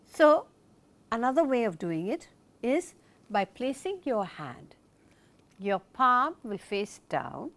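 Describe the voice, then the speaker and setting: Lively, high-voiced woman teaching a lesson. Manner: deliberate, explanatory, asks the viewer questions then answers them. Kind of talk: recorded instructional lesson.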